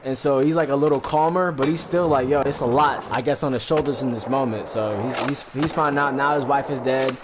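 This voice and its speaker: A man's voice: medium pitch, fairly even intonation, fairly quick, few pauses, noisy background. A man casually retelling a movie plot in slangy, profane speech, full of fillers and asides. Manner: rambling, heavy fillers, profane. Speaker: streamer recapping a movie while gaming.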